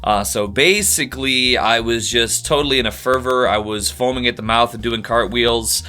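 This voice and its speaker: A man co-hosting a comedy podcast, rambling through deadpan bits over a steady static hiss. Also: medium pitch, moderate pace. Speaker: podcast co-host.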